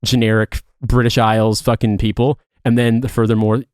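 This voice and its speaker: A man's voice: mid-range voice, level tone, normal speed, darkish tone, smooth, dry recording, clean studio sound. A man in his thirties, a podcast co-host from Indiana, chatting casually in a rambling, profane way with many restarts. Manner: rambling, profane, self-correcting. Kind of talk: casual chat.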